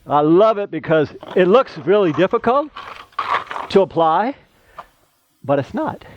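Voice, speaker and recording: A man's voice: sits high, sing-song, unhurried, dull audio, background noise. A middle-aged man, a plasterer, giving a casual how-to demonstration, chatty and rambling into side stories.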